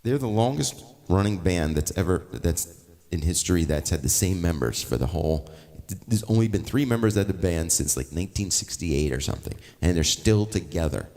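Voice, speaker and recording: A man's voice: sits low, animated, moderate pace, warm tone. A male musician chatting casually and rambling between songs on a livestream while taking requests. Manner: rambling, offhand. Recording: long reverb, faint guitar behind.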